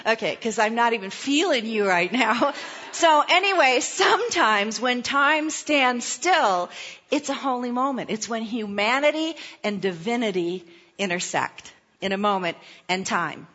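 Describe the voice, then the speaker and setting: A woman pastor giving a sermon, telling a personal story in a playful, animated way with asides. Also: fairly high pitch, normal speed, muffled recording.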